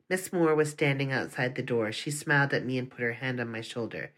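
A narrator reading a first-person story aloud at a measured pace. The voice sits in the middle of the pitch range and stays steady throughout.

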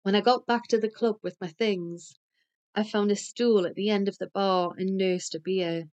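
A woman reading a first-person audiobook. She narrates in a measured, unhurried way. Her voice sits at a middle pitch. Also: steady tone, darkish tone.

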